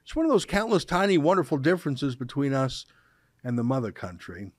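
A middle-aged Canadian man hosting an opinion show, talking in an emphatic, sarcastic way and slowing down to stress his words. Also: mid-range voice, very animated, no room sound, studio quality. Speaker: show host. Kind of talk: opinion commentary.

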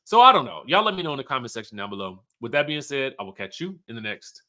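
Bright, chatty man recapping reality TV. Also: medium pitch, fast. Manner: chatty and animated, acts out cast members' lines. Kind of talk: casual episode recap.

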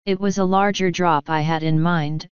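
Woman as old voiced clan mother, stern, slow, dull lo-fi sound. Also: fairly low pitch, steady tone, clear, resonant tone, no room sound, lightly acted. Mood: commanding. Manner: slow, commanding, canny. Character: ancient tiny Scottish-voiced fairy clan mother, stern.

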